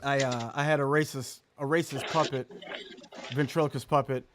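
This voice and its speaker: A man's voice: mid-range voice, moderate pace, background noise. A male comedian in casual podcast chat, telling stories with lots of laughter. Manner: animated, laughs through his stories.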